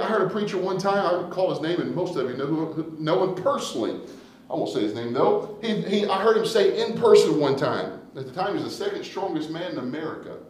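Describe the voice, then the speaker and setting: Preacher man with a lively, echoing voice. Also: fairly high pitch, brisk. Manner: dynamic preaching, swinging from hushed to loud and emphatic. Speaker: pastor. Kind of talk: sermon. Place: church sanctuary.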